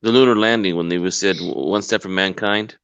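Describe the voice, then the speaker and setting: A very low-voiced man talking plainly and unhurriedly on a livestream. His voice sounds dry and muffled, as if heard over lo-fi stream audio. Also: a little fast, a bit bright, clear, resonant tone, dry recording. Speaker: guest on a livestream. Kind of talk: casual chat.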